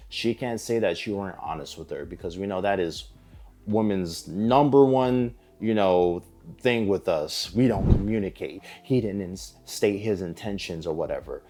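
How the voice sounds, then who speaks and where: A man's voice: lowish voice, dark tone. A man giving dating advice straight to camera in a blunt, emphatic way, swearing freely. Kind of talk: direct-to-camera advice monologue.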